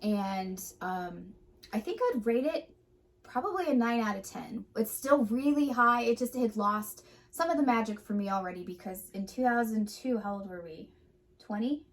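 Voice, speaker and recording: A woman's voice: fairly high pitch, normal speed. A woman in her late thirties co-hosting a casual movie reaction chat, talking with many fillers. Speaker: co-host.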